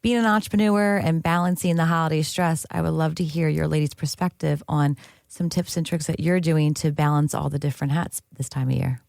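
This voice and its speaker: A woman's voice: sits low, fairly even intonation, brisk, creaky, darkish tone, no echo, studio quality. A woman co-hosting a panel chat and posing a question, upbeat and enthusiastic. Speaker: co-host, stress coach.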